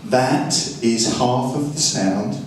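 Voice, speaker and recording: Speaking slowly at a medium pitch, this man is a record producer giving a studio walkthrough, dryly recounting anecdotes and voicing what others said. It's recorded on a distant, roomy mic with music playing and a little background noise.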